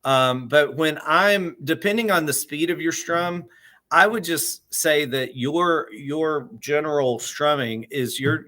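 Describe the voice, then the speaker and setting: A man teaching guitar in a casual, halting way, often repeating words as he explains and counting beats aloud. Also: on the high side, sharp tone.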